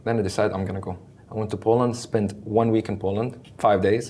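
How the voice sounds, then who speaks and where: A man's voice: on the low side, very fast. A man whose first language is Arabic, telling his story in an interview and acting out the dialogue he quotes. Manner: animated, acts out quoted dialogue. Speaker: interview guest. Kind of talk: conversational storytelling.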